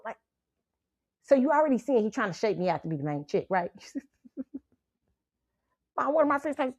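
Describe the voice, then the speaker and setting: A woman hosts her own show and tells a story in a loose, profane style that keeps breaking into laughter. Her pitch swings widely from line to line. The sound is dry and close, with no room around her. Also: a little fast, no room sound, highs cut off. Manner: animated, profane, laughs often. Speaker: show host. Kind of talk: casual storytelling monologue.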